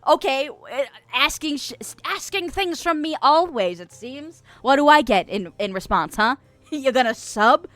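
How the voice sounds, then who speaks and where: A soft-spoken woman chatting on a live stream, her fairly high voice leaping around in lively swoops. She giggles often and reads out viewer comments playfully. The sound is dry and close. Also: unhurried, no echo. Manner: giggly, playful, frequent laughter. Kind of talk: casual live-stream chat reading comments.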